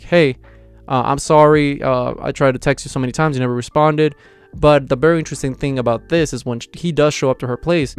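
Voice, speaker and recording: A man's voice: mid-range voice, a little mellow, clean tone. A young man giving a casual, rambling manga chapter review, with plenty of fillers and enthusiasm.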